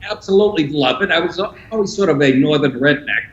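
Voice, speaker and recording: Deadpan New comic, echoey room. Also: male voice, fairly high pitch, quick pace, dull audio, slight background noise. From New York. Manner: deadpan, crude one-liners. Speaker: stand-up comedian guest. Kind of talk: dry joking banter on a remote call. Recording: echoey roomy sound.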